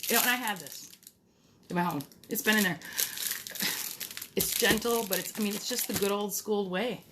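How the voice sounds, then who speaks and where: A middle-aged woman chats straight to her viewers in a homemade DIY vlog. She is blunt and rambling, with a medium-pitched voice. A faint hiss of noise sits under her speech. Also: moderate pace. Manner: chatty and blunt, with mild swearing. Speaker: DIY vlogger. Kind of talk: casual direct-to-camera DIY talk.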